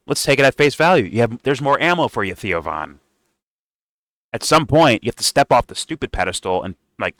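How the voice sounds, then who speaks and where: A man's voice: lowish voice, fairly bright tone, no room sound. A man hosting a casual reaction commentary, heated, sarcastic and profane. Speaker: political commentator.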